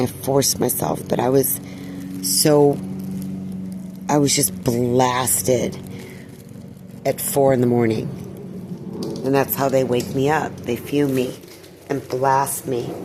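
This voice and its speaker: Deep-voiced weary woman vlogging. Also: steady tone, slow, pauses often, noisy background. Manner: weary, distressed, sighing. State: clearing her throat. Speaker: video blogger. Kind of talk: personal vlog monologue.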